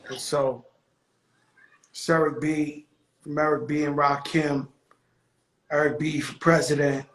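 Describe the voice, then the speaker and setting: A man's voice: fairly high pitch, level tone, fairly bright tone. Heartfelt man in an echoey room. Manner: heartfelt, halting with repeated words. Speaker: host. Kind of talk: casual call conversation.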